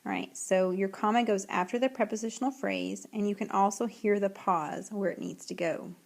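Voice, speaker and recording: A woman teacher giving a recorded writing lesson, reading example sentences slowly and clearly. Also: medium pitch, fairly even intonation.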